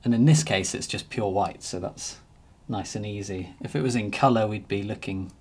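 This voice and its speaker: Husky low-voiced man teaching painting. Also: normal speed. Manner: relaxed, thinking aloud while painting. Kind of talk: painting demonstration narration.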